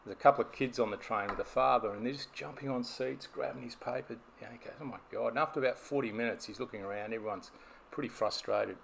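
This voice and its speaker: Man, business coach, gravelly, explaining with stories. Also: medium pitch, fast talker, a bit bright, a little hiss or hum. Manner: storytelling, explanatory. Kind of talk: podcast conversation.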